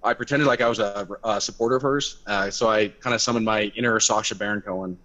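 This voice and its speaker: A young man telling a story in casual chat on a video call, animated and swearing, acting out quotes in a louder voice. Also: on the low side, quick pace. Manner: animated, swearing, acts out quotes by raising his voice. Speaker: activist guest. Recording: dull lo-fi video call audio.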